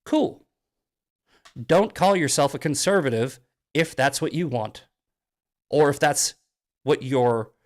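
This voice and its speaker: Profane, angry male political ranter. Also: a little high. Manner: angry, profane, shouting bursts; mocking voices of critics. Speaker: host. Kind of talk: political rant monologue.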